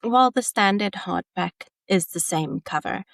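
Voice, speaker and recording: Brief: woman author, interview guest, gravelly relaxed voice, dry sound. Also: medium pitch, unhurried, no room sound. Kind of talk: casual interview chat.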